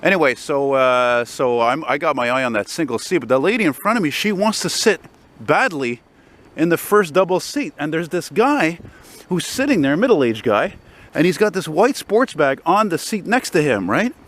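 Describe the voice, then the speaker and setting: Walking through snowy city streets, a man tells a rambling, profanity-laced story to his handheld camera for a casual vlog. His voice is fairly high and fairly bright, very animated, at a normal speed. Faint city traffic hums in the background.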